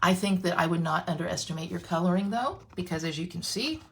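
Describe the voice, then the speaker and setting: A woman's voice: fairly low pitch, lively intonation, fast, creaky. Chatty woman hosting a crafting livestream. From Canada. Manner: chatty, answers viewer comments, frequent fillers and restarts. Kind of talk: casual livestream chat while crafting. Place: home craft room. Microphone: phone camera.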